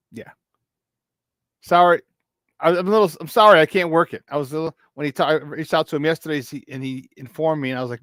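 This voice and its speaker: A man's voice: on the high side, a bit bright, dry recording. A young man hosting a casual morning sports talk show, rambling loosely and slipping into Spanish phrases.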